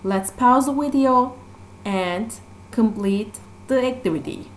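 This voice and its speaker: A woman teacher with a Turkish accent who explains English vocabulary slowly, repeating each word and stressing its syllables. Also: a little high, a little hiss or hum. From Turkey. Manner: slow and repetitive, stressing syllables. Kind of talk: classroom vocabulary lesson.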